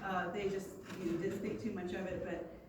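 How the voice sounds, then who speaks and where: A woman's voice: fairly low pitch, fairly quick. Woman telling a story in an echoey room. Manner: animated storytelling with acted-out quotes. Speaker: youth leader. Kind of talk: personal story told to a youth group. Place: church youth room. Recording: echoey room from far off with noise.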